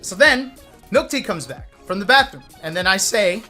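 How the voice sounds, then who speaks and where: High, bright-voiced man telling a story. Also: fairly quick, faint music behind. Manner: animated, profane, talks to chat with lots of "right?". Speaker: streamer telling a story to chat. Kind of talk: casual storytelling.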